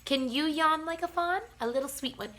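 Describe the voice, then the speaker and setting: A woman teacher reading a bedtime picture book aloud to young children, gentle and playful, with soft sighs and yawns. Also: high-pitched.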